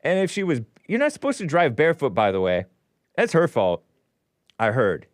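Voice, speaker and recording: A man's voice: on the high side, moderate pace, dry recording, studio quality. A man hosting his own show, reading a news story aloud and breaking in with sarcastic asides. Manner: sarcastic asides, animated ups and downs. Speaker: host.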